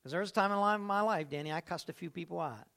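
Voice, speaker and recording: A pastor delivers a sermon in a notably high male voice. He talks straight to his congregation, firing off rhetorical questions. He turns loud and drawn-out on key lines, then drops to a hush. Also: vocal fry. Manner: animated, swings between loud and hushed.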